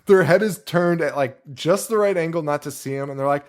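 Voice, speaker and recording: A man's voice: fairly high pitch, moderate pace. A man co-hosting a podcast, chatting casually about a movie, swearing freely and acting out scenes. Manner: animated, swears freely, acts out scenes with silly voices. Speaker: podcast co-host. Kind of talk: casual movie review chat.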